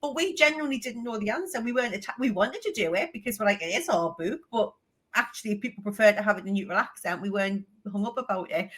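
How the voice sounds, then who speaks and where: A woman in her forties with a strong Geordie accent, a podcast guest telling candid, lively stories with the odd swear word. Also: medium pitch, quick pace. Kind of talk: casual interview chat.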